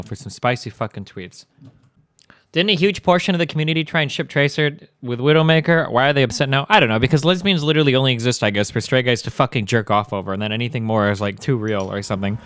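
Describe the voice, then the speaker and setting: A man's voice: medium pitch, lively intonation, fast, a bit bright, dry recording, clean studio sound. A male streamer delivering profane, combative and sarcastic commentary at a desk mic. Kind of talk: ranting commentary.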